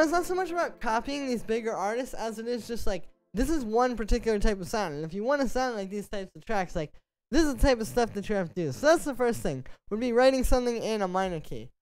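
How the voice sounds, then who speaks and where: A man, a music producer, explaining melody writing in a relaxed, conversational tutorial, stepping through his points one by one. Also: very high-pitched, dry recording. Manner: conversational, explains step by step while playing examples. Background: synth music playing.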